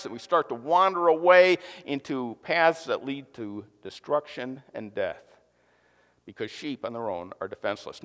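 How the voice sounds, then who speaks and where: A man preaching with a slightly raised voice, mixing jokes and earnest warnings as he talks to his congregation. His words ring out with a long hall reverb, as in a church sanctuary. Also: a little high. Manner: joking, lively preaching with audience asides. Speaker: pastor. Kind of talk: sermon.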